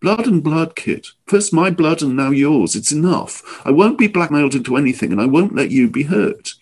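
A man's voice: a little high, expressive, normal speed, darkish tone, husky, pitched above the performer's own voice. A man voicing a proud, defiant young man, speaking with intense urgency. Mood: angry.

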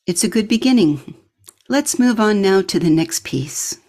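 A woman's voice: mid-range voice, animated, a little slow, darkish tone. A woman hosting a podcast, fondly introducing a reading to her listeners. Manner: fond, addresses listeners as darling. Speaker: podcast host.

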